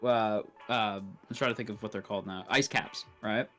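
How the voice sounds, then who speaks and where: A man, chatting as a guest on a stream, giggly and animated, laughing often. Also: fairly low pitch, normal speed, soft background music. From Canada. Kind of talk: casual chat.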